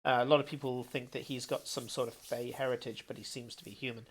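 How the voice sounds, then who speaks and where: A man narrating as game master, bursting into loud character voices. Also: mid-range voice, fast, slightly rough. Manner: animated, shouting out character lines.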